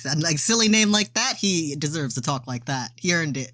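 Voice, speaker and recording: A laid-back podcast co-host chats about movies in a mid-pitched voice. The delivery is jokey and quick to laugh. The recording is dry and close. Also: animated, a bit bright, dry recording. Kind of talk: casual movie discussion chat.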